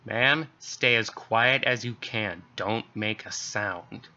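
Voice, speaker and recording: Man reading police officer, steady measured instructions, creepypasta reading, bright, dull lo-fi sound. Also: mid-range voice. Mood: urgent hushed. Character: calm adult police officer on a call. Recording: dull lo-fi recording.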